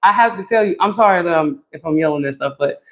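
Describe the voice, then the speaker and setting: A woman's voice: fairly low pitch, animated, quick pace, highs cut off. A woman hosting a casual live stream from home, chatting with her viewers and her baby and laughing often. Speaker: livestream host.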